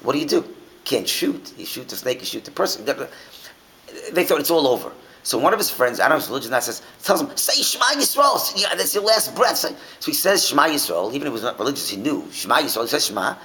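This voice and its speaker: A man's voice: mid-range voice, expressive, fast talker, sharp tone, a little hiss or hum, rough recording. A man teaching an informal Torah class, asking his listeners many rhetorical questions and often restarting his sentences.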